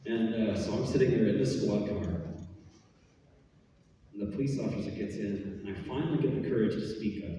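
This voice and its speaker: A man, a band teacher, telling a story to his students in an animated way and acting out the voices he quotes. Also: on the low side, a little fast, long pauses, slight background noise. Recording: echoey hall from far off.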